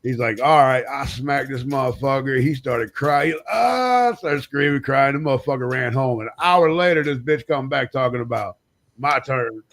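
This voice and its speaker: A man's voice: medium pitch, moderate pace. A man telling crude, profane childhood stories on a live talk stream, acting out the people in them. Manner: profane, animated storyteller, voicing friends and his dad. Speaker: co-host.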